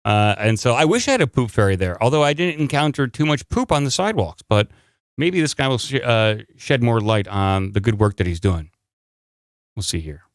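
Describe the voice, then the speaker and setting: A man's voice: mid-range voice, expressive, normal speed, dry recording, clean studio sound. A man co-hosting a podcast, casually chatting and joking while reacting to a news clip. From lived in Arizona. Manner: joking, incredulous. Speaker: podcast co-host.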